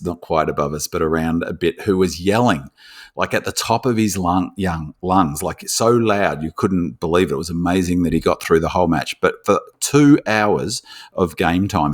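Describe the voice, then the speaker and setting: Man, Australian accent, very deep voice, rambling casual chat, animated storytelling. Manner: rambling, lots of restarts, animated when telling stories. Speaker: podcast co-host.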